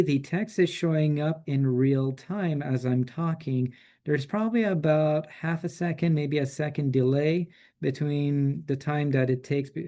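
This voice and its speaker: A man presenting a software tool in a relaxed, chatty way, with frequent fillers and restarts. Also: on the high side. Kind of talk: casual software demo.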